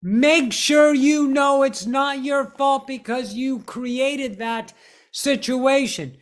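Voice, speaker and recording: A woman's voice: high-pitched, takes it slowly. A woman giving a spiritual teaching monologue in a blunt, profane manner, repeating words for emphasis.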